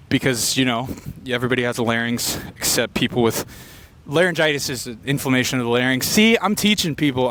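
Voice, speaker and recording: A man doing an unfiltered stream-of-consciousness comedy monologue, rambling and fast-talking with quick tangents. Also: medium pitch, a bit bright, clear, resonant tone. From Filipino heritage. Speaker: comedian podcaster. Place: beach location outdoors.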